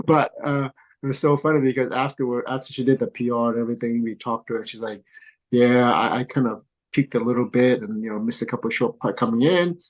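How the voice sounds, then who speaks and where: A man's voice: medium pitch, fairly even intonation, fairly quick, poor audio. A middle-aged man coaching golf, speaking in a podcast interview. He tells stories with plenty of energy, laughs often, and acts out the voices of the people he quotes. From came to the U.S. as a kid. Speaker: golf coach and father of a pro golfer. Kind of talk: animated storytelling in a podcast interview.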